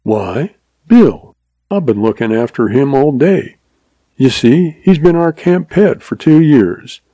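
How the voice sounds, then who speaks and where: A man doing a quick-witted young cowboy in a storybook reading, folksy and easygoing as he spins his tale. The tone is mellow and close in a dry room. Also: medium pitch, animated, dry recording, dull audio, pitched above the performer's own voice. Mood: mock mournful.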